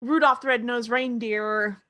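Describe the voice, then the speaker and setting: A woman co-hosting a podcast in casual chat, playful and quick to laugh. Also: fairly high pitch, fairly even intonation, bright, forceful tone. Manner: playful, laughs often, slips into silly put-on voices. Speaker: podcast co-host.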